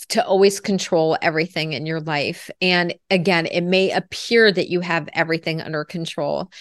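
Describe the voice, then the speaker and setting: An earnest woman coach talks through her ideas in a reflective way, often adding "you know." Her voice sits a little low, and the sound is dry and close with no room echo. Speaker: lifestyle coach. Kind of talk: podcast interview answers.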